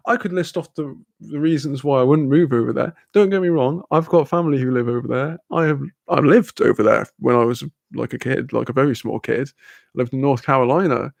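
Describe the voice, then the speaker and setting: A man's voice: on the high side, creaky, no room sound. A young man chatting casually on a livestream, rambling and swearing freely. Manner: rambling, swearing, laughing often. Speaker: streamer.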